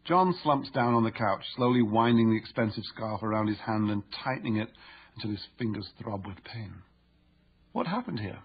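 A man reading his own book aloud as narrator, in a measured, explanatory way. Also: on the low side, lively intonation, husky, dull audio. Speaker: author and narrator. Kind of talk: audiobook narration.

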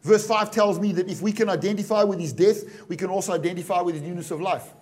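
A middle-aged pastor preaches with a notably high voice. He is animated and jokey, acting out small scenes and punctuating his points with "Amen?". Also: fast talker. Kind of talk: sermon.

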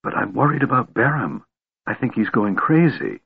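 Man playing a young woman, soft and tense, kinda husky, tinny phone sound. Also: on the low side, sing-song, moderate pace, heavily acted. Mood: urgent. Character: young woman, brave, tender and frightened.

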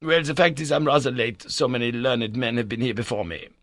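A man voicing an excitable, eccentric old male professor who stammers when flustered. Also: mid-range voice, a little fast, no echo, pitched above the performer's own voice, natural voice. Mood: sly.

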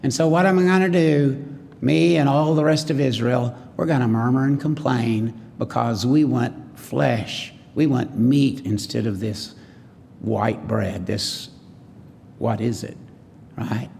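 A man's voice: medium pitch, measured pace, creaky, darkish tone, long reverb tail, slight background noise. A man preaching a sermon in a folksy way, often asking the congregation questions.

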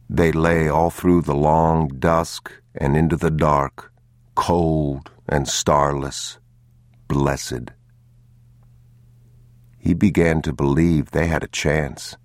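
A man narrating an audiobook in a slow, grave, measured manner. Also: extremely low pitch, darkish tone, no room sound.

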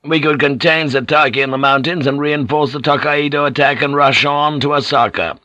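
Guy doing a gruff blunt old general, lifted pitch, pushes hard, dry sound. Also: fairly even intonation, moderate pace, dry recording, highs cut off. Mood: forceful. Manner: blunt and forceful.

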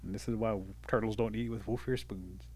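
A man telling a traditional animal folk tale, animated, with lively shifts in his voice. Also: on the low side, brisk, slightly rough. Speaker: storyteller.

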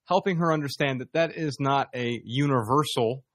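A man co-hosting a podcast, talking in a thoughtful, measured way with a wry edge. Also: medium pitch, fairly bright tone, no echo, studio quality. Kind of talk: conversational podcast talk.

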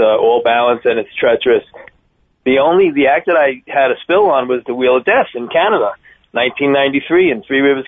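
A man in his fifties with a deep Long Island accent, chatting by phone as a circus daredevil guest. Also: no room sound. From Long Island, New York. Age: 50s. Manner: chatty, animated storyteller. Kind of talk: phone-in interview. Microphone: telephone. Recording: tinny phone line.

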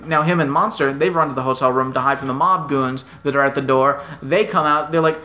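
Bright-voiced young guy joking through a movie recap. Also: medium pitch, a little fast. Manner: joking, sarcastic asides. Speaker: podcast co-host.

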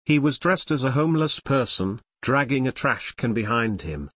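Male narrator for a true-crime book: measured and expressive, with a lively rise and fall, recorded dry. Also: mid-range voice, husky, dry recording.

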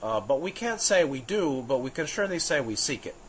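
A man teaching on spiritual ideas in an unscripted, searching way, stopping for fillers and restarting his sentences. His voice sits at a middling pitch. A faint hiss runs under the recording. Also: big pitch swings, rough recording. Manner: musing, halting, with frequent fillers and restarts; chuckles now and then while explaining.

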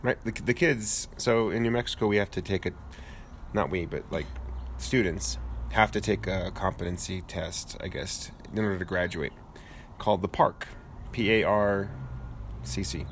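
A man with a lowish voice talking in relaxed casual chat, dry and a little rambling. He sits outdoors on a porch swing, with faint ambient noise around him. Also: moderate pace. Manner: laid-back, dry humor, rambling with fillers. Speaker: podcast co-host.

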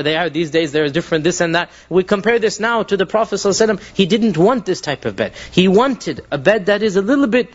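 A man's voice: fairly high pitch, highs cut off. A man giving a live religious lecture to an audience, telling stories earnestly, often restarting his sentences and mixing in Arabic phrases.

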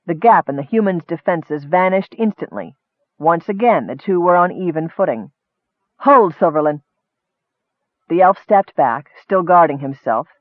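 A man reading a fantasy novel aloud in steady, measured narration. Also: on the high side, dry recording. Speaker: audiobook narrator. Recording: thin phone-like dry sound.

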